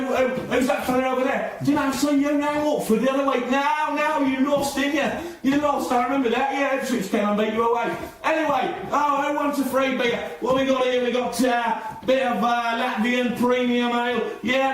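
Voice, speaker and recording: A man playing a loud beer giver with bantering street patter, heard from a distance in an echoey room. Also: very high voice, slight background noise. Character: rowdy London man handing out free beer.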